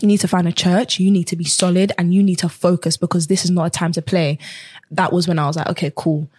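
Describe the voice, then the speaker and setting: A woman's voice: fairly low pitch, level tone, quick pace, darkish tone, slightly rough, no room sound. Earnest woman telling her story. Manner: earnest storytelling, acting out quoted dialogue. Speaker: guest. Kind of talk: personal testimony in a conversation.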